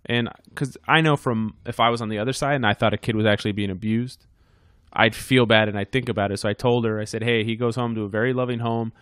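A podcast co-host tells a heated story full of swearing at a quick clip, his medium-pitched voice fairly even in intonation. His tone is fairly bright, clear and resonant, captured in a dry, studio-quality recording.

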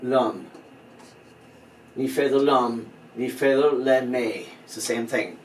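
A man in a relaxed lesson at an ordinary pitch, who patiently repeats phrases and spells words out letter by letter. He sits back from the mic in a roomy, echoey space, with a faint hum behind him. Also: measured pace, recorded from a distance. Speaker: language teacher. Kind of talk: informal spoken language lesson.

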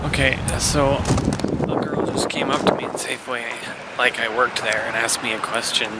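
A man's voice: medium pitch, fairly even intonation, normal speed, very noisy. A man chatting casually in a vlog, upbeat and rambling, often talking to himself. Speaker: outdoors vlogger.

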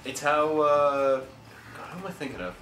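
A man's voice: fairly high pitch, a bit bright. A young man with an American accent, joking and rambling through casual gaming chat as host. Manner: joking, rambling, quick laughs. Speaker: let's play host. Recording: roomy distant mic with noise.

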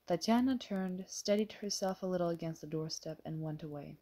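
A woman narrating an audiobook of a classic story in a measured way, sometimes correcting her own slips. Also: on the low side, mellow. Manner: measured, occasionally stumbling and self-correcting. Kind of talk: scripted narration.

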